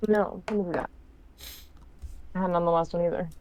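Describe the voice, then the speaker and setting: A woman's voice: on the low side, fairly even intonation, fairly quick, darkish tone, no echo. A woman playing a tabletop game, joking and laughing in short asides. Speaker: player.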